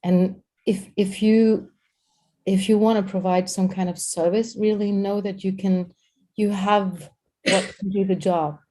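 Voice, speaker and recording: Energetic woman coach, mellow voice. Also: medium pitch, measured pace. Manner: energetic, repeats words, talks to a co-host. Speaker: host and communication coach. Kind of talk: live-streamed coaching talk.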